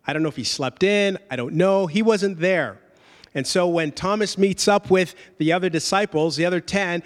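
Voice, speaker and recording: A man, a pastor, gives a sermon in a conversational but emphatic manner. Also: high-pitched. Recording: long hall reverb.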